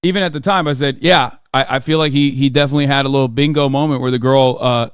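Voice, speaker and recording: A man's voice: medium pitch, fairly even intonation, quick pace, clear, resonant tone, no echo, studio quality. A man livestreaming, ranting in a casual, profane and exasperated way, with emphatic restarts. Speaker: livestreamer reacting to clips.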